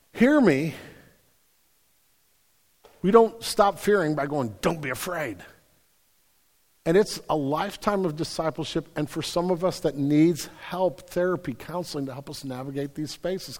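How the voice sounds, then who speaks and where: A young adult man preaching a sermon, telling a story with big swings between loud and hushed. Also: fairly high pitch, long reverb tail. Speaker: pastor.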